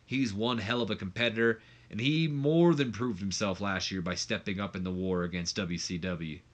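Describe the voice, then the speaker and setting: A man's voice: on the low side, normal speed, close to an everyday voice. A man voicing a cocky Texan male wrestler with a Southern accent in a wrestling game playthrough.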